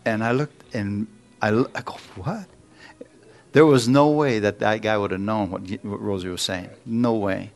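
A man's voice: fairly low pitch, vocal fry. A man preaching in church, telling a story with acted-out quotes and little jokes. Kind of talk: sermon testimony.

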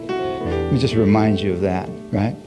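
A man's voice: fairly low pitch, moderate pace. A man preaching a sermon with energy, asking the congregation questions and repeating "Hallelujah" as he goes. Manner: animated preaching with call-and-response, repeated "Hallelujah". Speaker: pastor. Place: church service. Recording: faint music behind.

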